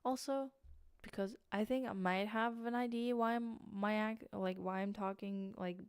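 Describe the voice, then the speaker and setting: A woman's voice: mid-range voice, fairly even intonation, moderate pace, smooth, no room sound, studio quality. Sleepy rambling woman with British-tinged English. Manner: rambling, restarts, many fillers. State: sleepy, tired. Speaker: streamer. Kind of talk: casual late-night livestream chat.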